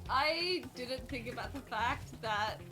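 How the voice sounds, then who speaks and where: A woman chatting casually as a co-player, relaxed, swearing freely and trailing off with fillers. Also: on the high side, takes it slowly. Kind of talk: casual chat while playing a game. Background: game music.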